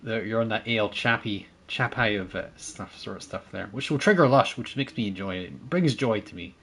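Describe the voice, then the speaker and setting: A man's voice: fairly low pitch, vocal fry, fairly bright tone, slight background noise. A man streaming a naval battle game, chatting with his viewers and teammates, thanking supporters and laughing often as he plays. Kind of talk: casual gameplay commentary.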